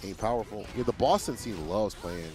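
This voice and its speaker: A man with a fairly low voice calls a fighting game match in a relaxed, slangy way, his pitch swinging widely as he reacts. Music plays clearly behind him. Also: moderate pace. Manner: laid-back, slangy, animated reactions. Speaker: co-host commentator. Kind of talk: casual fighting game co-commentary.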